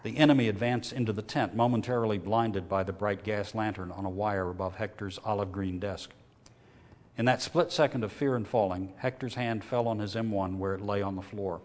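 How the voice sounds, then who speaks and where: A man reading a novel aloud in a measured, steady way, lifting his voice when characters shout. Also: fairly low pitch, big-room sound. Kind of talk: audiobook reading.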